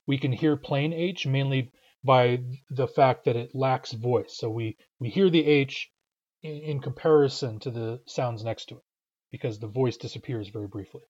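A man explaining pronunciation in a recorded lesson, patient and methodical, often pausing with "uh". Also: medium pitch, a little mellow, lo-fi sound. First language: English. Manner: patient, explanatory, frequent uh fillers. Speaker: language teacher.

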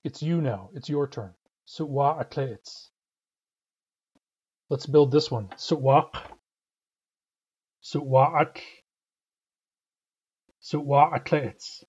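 A man's voice: on the high side, slow pace, long pauses, darkish tone, slightly rough, dull audio. A man teaching a language class, explaining words and sentences patiently and methodically. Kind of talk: online language lesson.

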